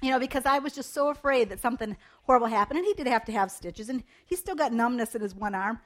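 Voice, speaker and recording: A woman's voice: fairly high pitch, fast talker, fairly bright tone. A middle-aged woman giving a casual devotional talk to young people, chatty and rambling through personal stories. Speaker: youth devotional speaker.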